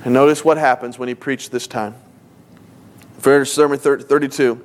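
A man's voice: mid-range voice, level tone, normal speed, long pauses. Emphatic male pastor preaching. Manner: emphatic preaching, reads scripture aloud and acts out quoted speakers. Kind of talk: sermon.

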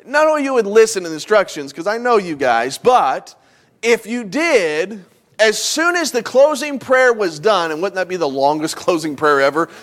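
A pastor preaching a sermon in a church sanctuary, talking conversationally and pausing for emphasis. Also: male voice, high voice, sing-song, fairly bright tone.

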